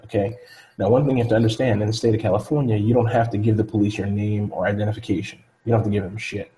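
A man talks through a story in loose, casual chat. His voice sits a bit low and sounds mellow and relaxed. He rambles, fills gaps with "like" and "you know", and acts out the people he quotes. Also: rapid-fire, poor audio.

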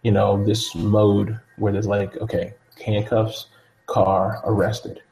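Speaking slowly in a slightly low, creaky, mellow voice, a man casually talks through a story, wandering off track. He uses "like" and "you know" as fillers and imitates the people he quotes, all in a low-quality recording.

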